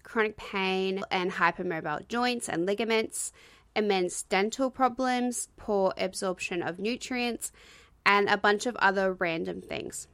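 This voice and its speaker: A woman's voice: medium pitch, a bit bright, no room sound. Breathless woman in her twenties, dry sound. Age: 20s. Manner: fast, casual talk with fillers. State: slightly out of breath. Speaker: podcast host. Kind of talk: solo podcast monologue.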